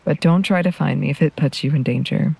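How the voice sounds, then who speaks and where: A woman reading a story, voicing a kindly older woman who speaks softly and gently. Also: deep voice, fairly quick, vocal fry, husky, dry recording, full character voice. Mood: gentle. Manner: soft, gentle delivery.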